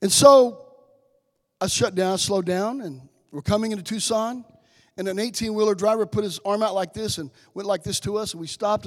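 Older guy giving a testimony in church, storytelling then loud slow preaching, big echoey hall. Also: sits high. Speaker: guest speaker. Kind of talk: testimony sermon. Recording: long reverb in a church hall.

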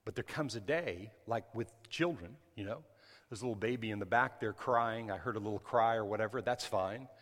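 A male pastor preaching a sermon during a church service. He talks conversationally, breaks into sudden loud bursts, and adds apologetic asides. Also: fairly low pitch, a little fast, big-room sound.

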